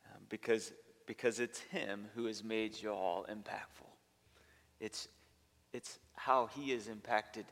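A man's voice: lowish voice, gravelly, fairly bright tone. A male pastor preaching a sermon, earnest and emphatic, stacking up long lists of points. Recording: long reverb of a large hall.

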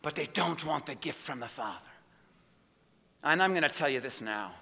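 A man preaching a sermon in a church, impassioned, swinging between hushed asides and loud declarations. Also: fairly high pitch, lively intonation, normal speed, vocal fry, slightly rough, long reverb tail.

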